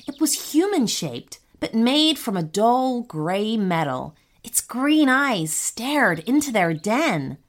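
A woman narrating a children's story in an animated storytelling manner. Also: fairly high pitch, takes it slowly, few pauses.

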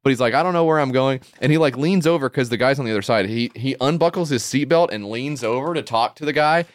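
A man's voice: mid-range voice, quick pace, dry recording, studio quality. A man co-hosting a comedy podcast, telling a rambling, profane story and laughing through it. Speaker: podcast co-host.

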